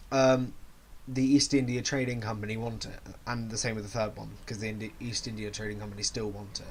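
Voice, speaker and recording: A man giving a casual, rambling movie review, often correcting himself mid-sentence. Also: mid-range voice. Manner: rambling, self-correcting, chatty.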